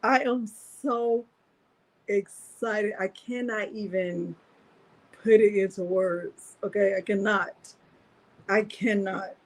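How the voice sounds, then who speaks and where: A woman hosting a live crafting tutorial, talking straight to her viewers in an animated, exclamatory way. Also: mid-range voice, takes it slowly.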